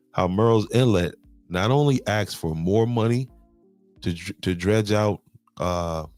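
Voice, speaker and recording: Brief: deep-voiced male podcast host, dry close mic, faint music, repeats himself. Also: darkish tone, no echo. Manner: repeats words, restarts and says "okay" often. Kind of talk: explaining local county finances to viewers.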